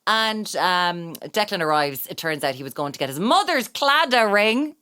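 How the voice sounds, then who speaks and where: A woman with a Cork Irish accent, hosting a podcast in casual, animated chat with sarcastic asides. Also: on the low side, moderate pace, smooth, no echo. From Ireland. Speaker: podcast host.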